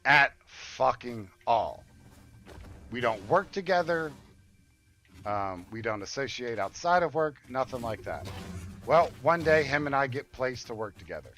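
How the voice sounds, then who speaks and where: A man's voice: mid-range voice, lively intonation, unhurried, fairly bright tone. An older man streaming a game, telling a long story in a blunt, profane, rambling way. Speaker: gaming streamer. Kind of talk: casual storytelling while gaming.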